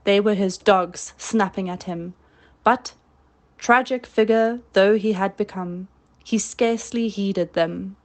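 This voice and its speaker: A woman reading a storybook aloud in a measured narrating style. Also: mid-range voice. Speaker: audiobook reader.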